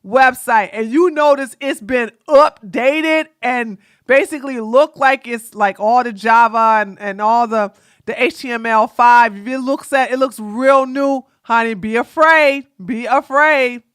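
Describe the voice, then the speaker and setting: A woman host giving sassy, animated reaction commentary on a livestream, exclaiming and throwing in asides. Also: fairly high pitch, measured pace, clean tone, dry recording, studio quality.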